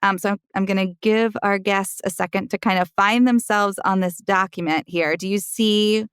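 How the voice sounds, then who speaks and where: A woman's voice: medium pitch, steady tone, moderate pace, smooth, no room sound, clean studio sound. A woman from Alabama with no regional accent, co-hosting a roundtable conversation. She speaks in a musing way and often restarts her phrases. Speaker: podcast co-host.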